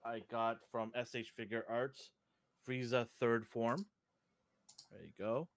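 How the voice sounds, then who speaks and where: With a mid-range voice and a slow pace, a middle-aged man from Fiji co-hosts a podcast and chats casually. He animatedly acts out the people in his stories. The recording is dry.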